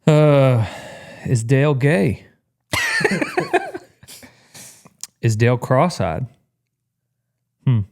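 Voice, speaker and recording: Male podcast host, animated pitch, casual joking delivery. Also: drawn-out words, creaky, long pauses. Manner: laughing, joking, drawling.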